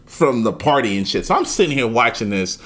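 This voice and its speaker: A man co-hosting a podcast in casual chat, swearing freely and acting out quotes loudly. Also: mid-range voice, brisk. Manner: animated, swears freely, acts out quotes in a raised voice. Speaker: podcast co-host.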